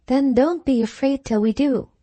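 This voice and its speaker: A woman's voice: high voice, moderate pace, warm tone, no echo, voice pushed up. Woman reading as a shrewd, knowing Victorian hostess.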